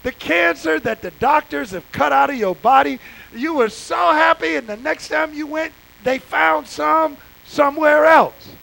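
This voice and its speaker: A man preaches with fervor, talking straight to his congregation in a folksy, plainspoken way. His voice sits unusually high for a man. It also carries a gravelly edge. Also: unhurried, pushed and bright, poor audio. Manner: impassioned, conversational preaching with folksy asides. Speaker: pastor. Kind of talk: sermon.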